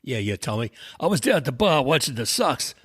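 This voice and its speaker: A man's voice: mid-range voice, very animated, brisk, a bit bright, breathy edge. A man playing a laid-back male baseball fan, easygoing and slangy.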